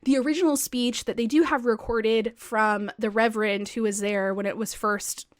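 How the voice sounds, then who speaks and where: A woman co-hosting a podcast, telling a history story in animated, chatty talk full of "like" and the odd swear word. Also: on the high side, moderate pace, no echo, clean studio sound. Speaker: podcast co-host. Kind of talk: casual chat, storytelling.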